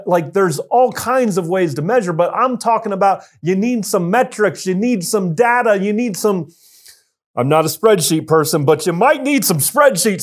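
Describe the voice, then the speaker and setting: A man giving a motivational business talk straight to his viewers, energetic and emphatic, addressing them directly. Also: high-pitched. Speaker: business coach.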